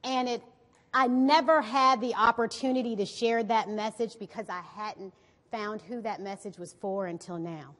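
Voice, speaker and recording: A woman with a high voice gives an animated inspirational talk from a stage, checking in with her listeners as she tells her story. Her voice rings out with the long reverb of a big hall. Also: moderate pace. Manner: animated, often asks the audience "right?". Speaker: motivational speaker. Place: on a stage before an audience.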